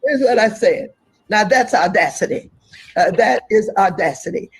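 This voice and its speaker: A woman giving interview remarks in a measured, reflective way. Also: medium pitch, lively intonation, slightly rough.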